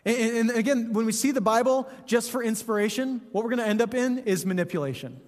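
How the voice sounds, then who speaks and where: A man's voice: very high-pitched, fast, in a large hall. A man, a pastor, preaching a sermon in a conversational, joking way, often asking "right?".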